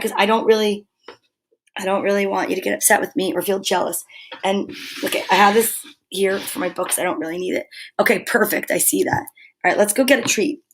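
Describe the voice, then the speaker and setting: A woman's voice: mid-range voice, a little hiss or hum. An older woman hosting a casual live stream at home, chatting with viewers and cooing over the dog on her lap. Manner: chatty, affectionate, baby-talks to her dog.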